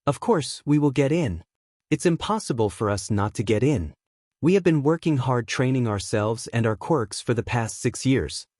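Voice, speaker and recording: A man's voice: mid-range voice, expressive, normal speed, a little mellow, no echo, close to an everyday voice. A man voicing a cocky ten-year-old boy who brags to his rival, with a smug, teasing manner, in a dry-sounding storybook reading. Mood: boastful.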